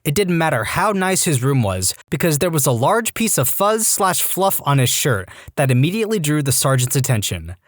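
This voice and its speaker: A man narrating reddit stories in an animated, wry scripted read. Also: fairly high pitch, normal speed, few pauses, dry recording, clean studio sound. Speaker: story narrator.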